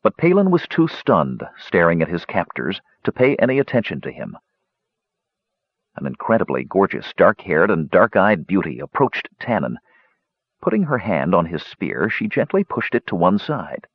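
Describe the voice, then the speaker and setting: A man narrating an audiobook with expressive storytelling. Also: low-pitched, normal speed, slightly rough, no room sound. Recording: dull lo-fi recording.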